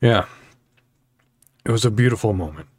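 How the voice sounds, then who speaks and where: A man's voice: on the low side, normal speed, breathy edge, dry recording. A man hosting a casual solo podcast, talking in a rambling, heartfelt way with many fillers and restarts. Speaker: podcast host.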